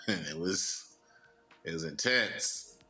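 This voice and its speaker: A man co-hosting a comedy podcast, joking and animated in casual chat. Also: low-pitched, extremely slow, soft background music. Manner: animated, joking, swings between voices. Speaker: podcast co-host.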